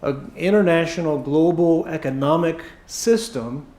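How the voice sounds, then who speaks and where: A pastor preaching a midweek sermon with a sore, hoarse throat, emphatic and slowing down to press his points. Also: on the high side, darkish tone. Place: church sanctuary. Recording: echoey church hall.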